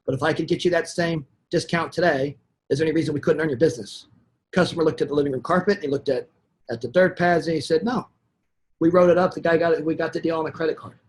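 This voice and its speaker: A man's voice: a little high, slight background noise. A man telling a long sales anecdote in a webinar, animatedly acting out what each person said. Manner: animated anecdotal storytelling, acting out quoted dialogue. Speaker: sales trainer. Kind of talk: webinar storytelling.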